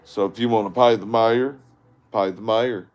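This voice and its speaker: A man's voice: lowish voice, steady tone, normal speed, a little mellow. A man hosting a casual walking livestream on his phone, rambling crudely at viewers and begging for likes. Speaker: livestream host.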